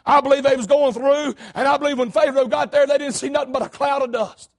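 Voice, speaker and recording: Fervent high-voiced preacher. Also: male voice, steady tone, quick pace, vocal fry. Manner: fervent, often shouting, folksy retelling. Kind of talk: sermon.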